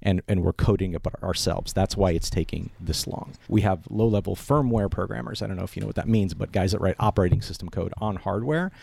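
A man speaking as a guest expert on a podcast, explaining quickly and animatedly, often tagging on "right?". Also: deep voice, creaky. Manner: fast, animated explaining with frequent "right?" tags. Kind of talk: casual podcast talk.

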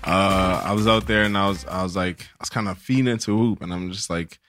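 A man's voice: low voice, steady tone, fairly quick, a bit bright, soft background music. A man co-hosting a casual group podcast, joking around and telling laid-back stories in slang. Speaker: podcast co-host.

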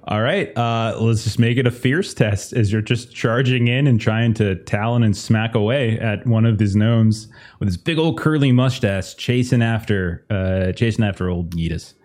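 A man's voice: on the low side, normal speed, a little mellow. A man running a tabletop game as game master, narrating loosely with many fillers.

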